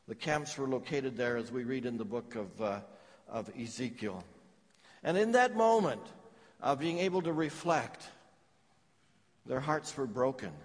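A middle-aged man preaching a sermon, swinging from loud declarations to hushed, heavy phrases. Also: mid-range voice, big-room sound. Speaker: pastor.

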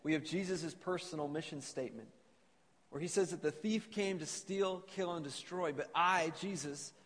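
A pastor with a somewhat bright, high-leaning male voice delivers an earnest sermon at a moderate pace, reading scripture aloud to a congregation. The recording carries the long reverb of a church hall.

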